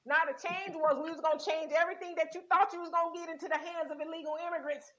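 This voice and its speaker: A high-pitched woman holds forth in a blunt, profane commentary chat, mixing opinion with animated storytelling. Her voice sits well above the usual range. The recording sounds dull and lo-fi. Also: quick pace. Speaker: show host. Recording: dull lo-fi audio.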